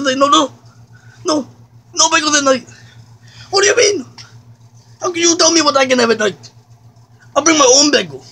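A man's voice: very high-pitched, bright, forceful tone, exaggerated voice. A man voicing a whiny fat man who rants and complains, close to tears, in a comedic rant to camera. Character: whiny fat man ranting, easily upset.

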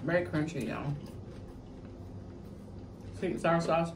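A woman's voice: low-pitched, slow. A woman hosting a casual eating show, chatting to viewers as she eats and murmuring over the food. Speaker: mukbang channel host. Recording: distant mic with faint noise.

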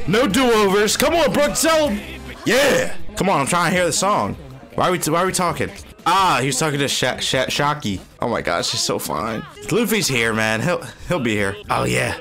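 A man reacts live to an anime, gushing in excitable bursts of slang. His voice is bright and swings widely in pitch. Faint soundtrack music plays underneath. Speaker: anime reaction channel host.

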